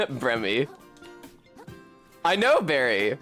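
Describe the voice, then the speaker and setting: A man's voice: mid-range voice, wildly swooping pitch, very slow, fairly bright tone. A man giving casual, wry commentary as he streams a video game, swearing freely and chatting with his viewers. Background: game music.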